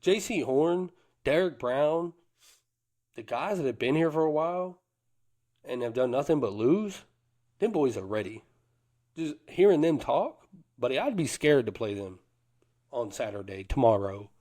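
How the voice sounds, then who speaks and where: A man co-hosting a sports podcast speaks in a medium-pitched, dark voice, animated but measured, pausing often. He's a fired-up, boastful fan using Southern slang like "them boys" and "cuz."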